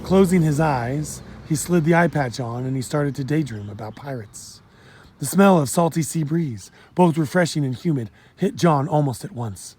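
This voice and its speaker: A man reading a children's storybook aloud in a steady, plain storytelling manner. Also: a little high, normal speed, slightly rough. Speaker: audiobook narrator. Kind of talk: storybook narration.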